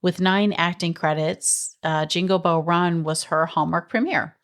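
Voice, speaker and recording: A woman's voice: fairly low pitch, measured pace. A woman co-hosting a podcast in casual chat, reading out cast credits, chatty and giggly. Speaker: podcast co-host.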